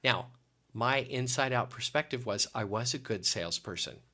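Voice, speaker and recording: A man guest telling an expressive, self-deprecating story in an interview, with frequent restarts. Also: medium pitch, normal speed. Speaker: guest consultant.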